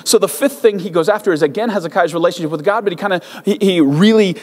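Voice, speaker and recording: Male pastor, higher voice, casual animated sermon delivery, in a reverberant hall. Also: quick pace. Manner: conversational, animated storytelling with frequent restarts.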